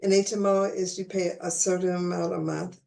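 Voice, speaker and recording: A woman's voice: fairly low pitch, little pitch movement, a little fast, gravelly, dark tone. A woman hosting a casual conversational interview, chatty and restarting her phrases, with the hiccups. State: has the hiccups.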